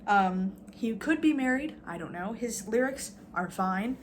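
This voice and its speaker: A woman's voice: fairly high pitch, lively intonation, measured pace, slight background noise. A woman vlogging a casual, rambling rant, sarcastic and full of fillers, swearing now and then.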